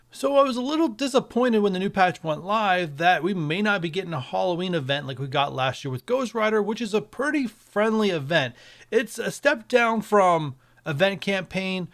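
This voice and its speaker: Guy with a fairly high voice chatting about game updates, speculative, keeps saying guys. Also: a bit bright. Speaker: mobile game video creator. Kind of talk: casual game commentary over screen capture.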